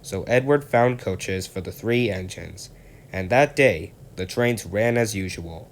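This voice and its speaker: A man narrates a children's story aloud in a calm, steady reading voice. His pitch sits on the low side. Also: a little slow, a little hiss or hum.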